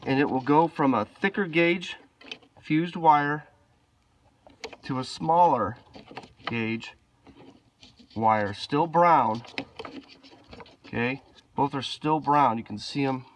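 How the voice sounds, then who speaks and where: A man with a cold, sounding rough and nasal, filming himself with a handheld camera while casually explaining a car repair, hesitant and apologetic. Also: medium pitch, slow pace, long pauses, slight background noise. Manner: relaxed, hesitant, apologetic asides. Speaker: DIY car mechanic. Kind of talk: casual how-to walkthrough.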